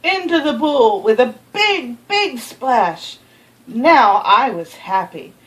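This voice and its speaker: A woman reading a children's picture book aloud, expressive, with gasps and asides to the listener. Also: on the high side, slow pace, low-quality recording. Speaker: storybook reader.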